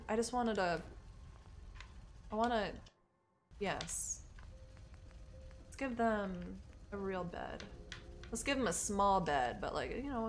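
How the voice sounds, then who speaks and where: A woman streamer thinks out loud through a game and chats with her viewers, with a lively voice that swings up and down. She swears casually and mutters to herself as she plays. A faint hiss sits under the audio. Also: mid-range voice. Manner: casual, profane, talks to herself and chat. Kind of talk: live-streamed gameplay chat with viewers.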